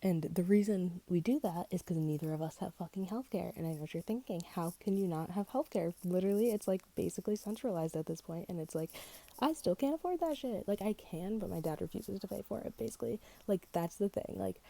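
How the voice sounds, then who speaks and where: A teenage girl with a low, gravelly voice and a dark, mellow tone tells a storytime rant, rambling and swearing in nearly every line. She mocks herself as she talks. The sound comes through a headphone mic. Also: animated, fairly quick. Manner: rambling, swears constantly, self-mocking. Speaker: vlogger.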